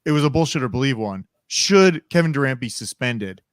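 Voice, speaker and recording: A man's voice: mid-range voice, lively intonation, brisk, clear, resonant tone, no echo, studio quality. A man co-hosting a sports podcast, easygoing and hesitant, with lots of fillers. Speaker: podcast co-host. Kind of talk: casual sports chat.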